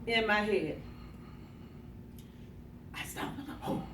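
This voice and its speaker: Animated woman telling a dramatic story. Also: on the high side, measured pace, noisy background. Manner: animated, acts out quotes, gasps and laughs. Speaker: motivational speaker. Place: conference room. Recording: echoey room from a distance.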